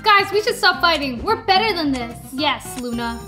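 A woman's voice: sits high, lively intonation, normal speed. A woman commentating a video game, squealing and shrieking her reactions, with game music behind her. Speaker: gaming YouTuber. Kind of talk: excited gameplay commentary.

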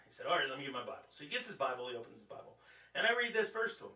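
Bright-voiced joking preacher in echoey church. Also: male voice, mid-range voice, very animated, rapid-fire. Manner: joking, conversational, quizzes the audience. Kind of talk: Bible study teaching. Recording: echoey room, distant mic.

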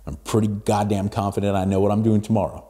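A man in his forties hosting a solo podcast, giving motivational talk in an emphatic, blunt way that swings between hushed asides and loud pushes. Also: on the low side, flat delivery, fast. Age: 40s. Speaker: podcast host.

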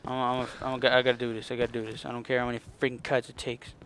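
A man's voice: medium pitch, completely flat delivery, rapid-fire, fairly bright tone, a little hiss or hum. A man commenting on his own gameplay, muttering and cursing at the game in frustration. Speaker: gaming channel host. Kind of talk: let's play commentary.

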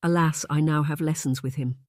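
A narrator voicing an earnest young lady with a raised, bright voice, sounding close and dry. She is gentle but quick to protest, read as an audiobook character. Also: medium pitch, steady tone, no room sound, close to an everyday voice. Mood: indignant.

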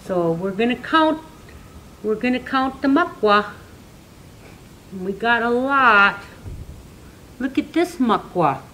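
An older woman, an elder teacher, giving a slow, gentle lesson for children, counting and singing and repeating words for learners to say back. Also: on the high side, lively intonation, a little hiss or hum, rough recording.

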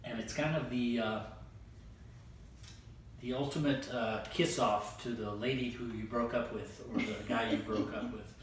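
An older man hosting a casual oldies chat, relaxed and rambling, pausing often to think. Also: medium pitch, a little hiss or hum. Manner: relaxed, rambling with frequent "uh" pauses. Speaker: host. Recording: echoey room, distant mic, music underneath.

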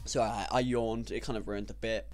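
A young man giving casual, sarcastic gameplay commentary, swearing and breaking into sudden loud outbursts. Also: lowish voice, fairly even intonation, a little fast, faint music behind. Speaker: gaming YouTuber.

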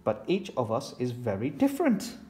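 A kindly gazelle schoolteacher from a children's storybook, as a male reader puts her on, speaking gently and unhurriedly to her class. The voice sits at a middling pitch and stays close to the reader's own. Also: huge pitch swings, moderate pace, a little hiss or hum. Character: kindly female gazelle playgroup teacher.

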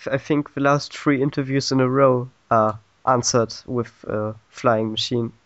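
A man's voice: mid-range voice, fairly even intonation, unhurried, fairly bright tone, dry recording. A man hosting an interview, reading out fan questions and laughing along. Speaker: interviewer, host. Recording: dull, muffled lo-fi online call.

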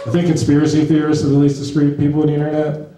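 A man doing a measured, observational stand-up set. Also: a little high, monotone, crowd noise, noisy background. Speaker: stand-up comedian. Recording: echoey room, mic from far off.

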